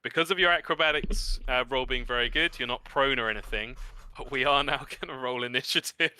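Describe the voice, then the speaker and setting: Bright, crisp-voiced man running a tabletop game. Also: mid-range voice, fairly quick. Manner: lively descriptive narration with sound effects. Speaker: game master.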